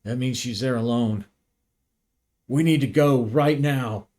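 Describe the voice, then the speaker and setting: A man's voice: medium pitch, a little slow, natural voice. A man voicing a desperate crewman who calls urgently over a radio. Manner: urgent, shouting.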